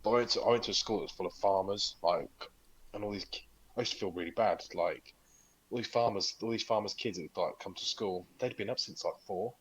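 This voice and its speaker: A man's voice: sits low, a little fast, dull audio. A man from the north of England co-hosting a podcast, chatting casually, swearing freely and mimicking accents when he tells stories. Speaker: podcast co-host. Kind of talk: casual chat.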